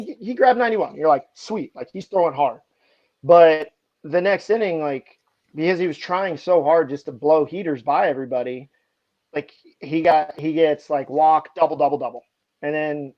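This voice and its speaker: Man, slightly high voice, animated podcast storyteller, slightly muffled audio. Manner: animated anecdotes, heavy use of "like". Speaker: baseball pitching coach.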